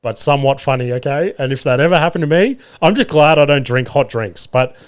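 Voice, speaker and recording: A man's voice: mid-range voice, animated, brisk, smooth. An Australian man in his thirties hosting a podcast, telling family stories casually, swearing freely, laughing and acting out the voices of his family. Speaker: podcast host. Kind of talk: casual storytelling monologue.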